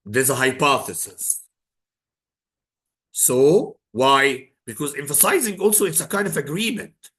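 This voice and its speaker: A male teacher runs an exam prep lesson in English. His tone is bright and forceful, and he slips Arabic phrases into his explanations. He repeats his key points to drive them home. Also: mid-range voice, a little slow. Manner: mixes Arabic phrases into English, emphatic repetition.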